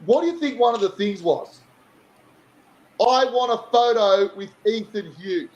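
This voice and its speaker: A man's voice: sits high, lively intonation, unhurried, darkish tone, highs cut off. A man on a podcast bantering casually, teasing the others and insisting on his point. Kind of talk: casual chat.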